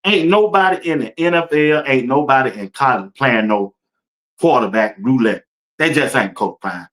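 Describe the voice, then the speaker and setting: A man's voice: medium pitch, expressive, normal speed, fairly bright tone. A man hosting a casual sports talk stream, speaking loosely and colloquially, laughing often and talking straight to his viewers. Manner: addresses viewers and chat directly. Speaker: sports talk show host. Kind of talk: casual sports commentary livestream.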